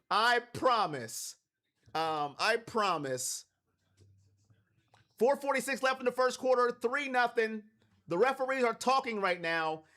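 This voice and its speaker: A man from Cleveland hosting a live watch party stream, calling plays and talking to his chat. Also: extremely high pitch. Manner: hypes chat, shouts on big plays.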